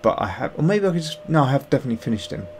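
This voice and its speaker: Very fast and sing-song, his mid-range voice has a slightly mellow quality, with slight background noise. The man sculpts on a livestream in casual chat, rambling, thinking aloud, making fun of himself, and greeting viewers.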